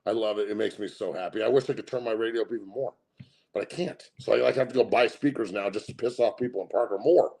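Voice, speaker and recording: Gravelly, brash, profane host. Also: male voice, fairly low pitch, fast talker. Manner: loud, brash and profane, laughs often. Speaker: sports show host. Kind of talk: profane casual sports commentary.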